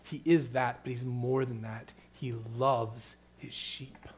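A middle-aged man preaching a sermon, moving between hushed, tender passages and loud, emphatic questions. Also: medium pitch, level tone, takes it slowly, slightly rough. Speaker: pastor.

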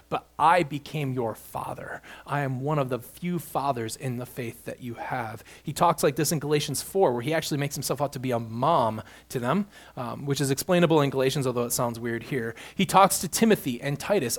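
A man preaching an expository sermon, building emphasis on key points as he walks through scripture. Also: medium pitch. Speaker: pastor.

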